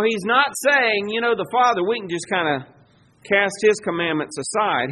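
A man's voice: high voice, pushed and bright, slight background noise. A man preaching a sermon, emphatic and rising in volume when he quotes scripture. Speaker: pastor.

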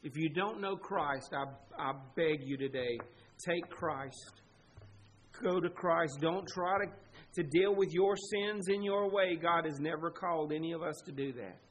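A man preaches with a high, bright, ringing voice, earnest and emphatic as he pleads with his congregation. A faint hiss sits under the recording. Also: unhurried, rough recording. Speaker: pastor. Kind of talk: sermon.

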